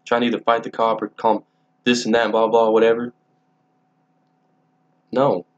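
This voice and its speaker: A man's voice: medium pitch, monotone, normal speed, muffled recording. A young man telling stories casually to camera, rambling and swearing freely with many restarts. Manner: rambling, profane, frequent restarts. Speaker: vlogger.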